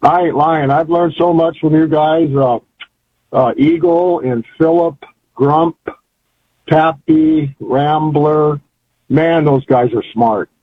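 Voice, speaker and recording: A man's voice: fairly high pitch, steady tone, slow, husky. An older man calling in to a radio show, talking in a rambling, folksy and fervent way. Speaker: caller. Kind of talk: phone-in chat. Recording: tinny phone line.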